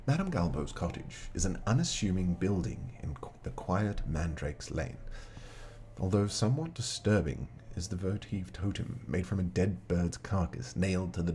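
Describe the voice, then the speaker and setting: In a low, slightly mellow voice, a male game master chats casually with his viewers while reading aloud from a solo tabletop adventure book he's playing.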